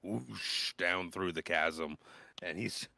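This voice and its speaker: A man's voice: low-pitched, takes it slowly, vocal fry, sharp tone. A young man running a tabletop game as game master, narrating in a loose, slangy way.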